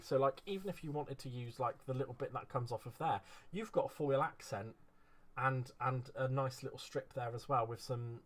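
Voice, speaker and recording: A craft vlogger with a mid-range, slightly bright voice chats casually through an unboxing. He gushes effusively over his card-making supplies.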